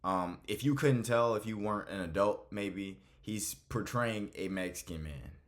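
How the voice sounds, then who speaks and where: A man's voice: fairly low pitch, measured pace, a little hiss or hum. Blunt, exasperated man reacting to clips. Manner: blunt and exasperated, swears freely. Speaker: MMA commentary host. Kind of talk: casual reaction commentary.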